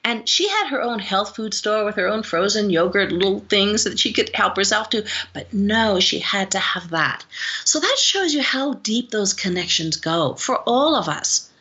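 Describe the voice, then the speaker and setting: A woman's voice: mid-range voice, lively intonation, moderate pace, pushed and bright, highs cut off. A woman in her sixties, a psychologist, telling a personal story in a podcast interview and acting out the voices of people in it. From Guam. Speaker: psychologist guest.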